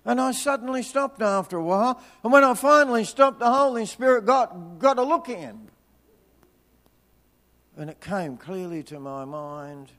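A man preaching a sermon, telling a personal story with energy, then dropping into hushed, slow prayer. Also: high voice. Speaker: pastor.

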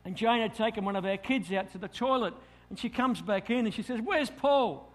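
A man's voice: high-pitched, fast. Australian man preaching with storytelling flair. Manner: lively storytelling, acts out his own thoughts. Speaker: pastor. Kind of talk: sermon storytelling.

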